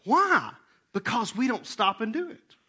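Animated preacher with twang. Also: male voice, very high-pitched, a little slow, husky. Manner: lively, conversational preaching with sudden loud emphatic bursts; leads the congregation in breathing exercises. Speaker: pastor. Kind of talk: sermon.

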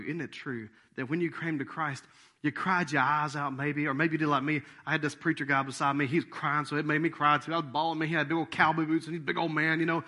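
A man preaching a sermon as pastor, animated, dropping to soft asides and jumping to loud acted-out quotes. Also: on the high side.

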